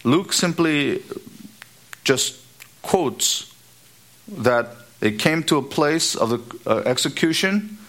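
A man preaching an expository sermon, emphatic and building to high, repeated exhortations. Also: animated, takes it slowly, pauses often, fairly bright tone.

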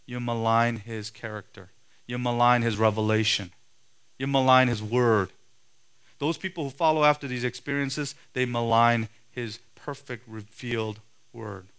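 A man preaching a sermon in a forceful, emphatic way, his voice swelling loud and then dropping low. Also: fairly even intonation, a little slow, smooth. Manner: forceful, emphatic preaching with sharp rises and drops in loudness.

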